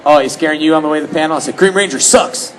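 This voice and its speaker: A man's voice: fairly high pitch, racing, slight background noise, low-quality recording. Joking Texan-raised man at a fan panel. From Houston, Texas, US. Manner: joking, animated, slips into mock voices for quotes. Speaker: convention panel guest. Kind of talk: casual storytelling to a fan audience. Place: convention panel room.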